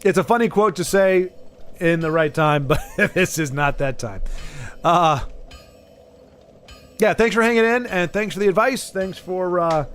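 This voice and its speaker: A man's voice: high-pitched, a little slow, long pauses, a bit bright, slight background noise. A man streaming a game, chatting casually with his viewers and often stammering and restarting his sentences. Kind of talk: casual live-stream chat while gaming.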